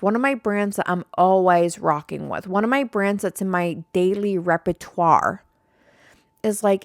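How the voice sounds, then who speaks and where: A woman's voice: mid-range voice, no room sound, studio quality. A young woman hosting a casual podcast, rambling and swearing freely as she vents to her listeners. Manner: rambling, profane, fired-up. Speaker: podcast host.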